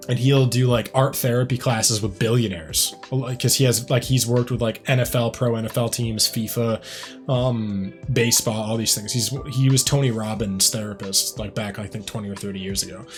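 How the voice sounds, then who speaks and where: A man hosting a music reaction video, talking in a rambling, reflective way, full of "like" and "um". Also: mid-range voice. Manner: rambling and reflective, heavy use of "like" and "um". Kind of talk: casual reaction commentary.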